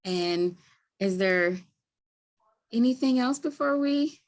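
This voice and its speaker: A woman's voice: on the high side, expressive, slow pace. A woman with a Baltimore accent hosting a live webinar over a video call, chatty and friendly with many ums. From Maryland, US. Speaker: webinar host, community health worker.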